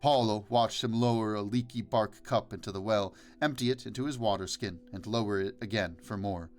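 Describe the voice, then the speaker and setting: A man narrating a novel as an audiobook reader, in a measured storytelling way. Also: lowish voice. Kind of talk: scripted narration.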